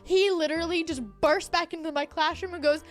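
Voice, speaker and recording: A woman teacher telling an animated story from her classroom in casual chat, acting out the quotes. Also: extremely high pitch, a little fast, faint music behind.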